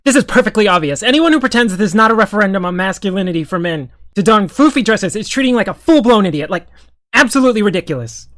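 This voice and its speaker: A man doing a quick impression of a fast-talking pundit who declares his points rapid-fire. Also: high voice, animated, fairly bright tone, no room sound, studio quality. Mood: lecturing.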